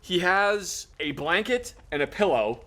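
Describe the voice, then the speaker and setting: A man with a high, lively voice tells a personal story with wry amusement. His tone is bright and bouncy, and he slips into quoted dialogue. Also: unhurried. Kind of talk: casual storytelling.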